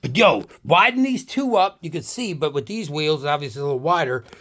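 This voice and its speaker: Here the RC car vlogger from New Jersey sounds a little high, a bit bright, animated and slightly fast. He has had some drinks and is a bit tipsy, and in casual talk to camera he shows off his RC cars with profane, rambling jokes, frequently asking "right?"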